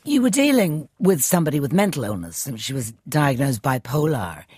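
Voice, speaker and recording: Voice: medium pitch, big pitch swings, fairly quick, a little mellow, breathy edge, dry recording, clean studio sound. An interviewer asking probing, conversational questions. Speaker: radio interviewer.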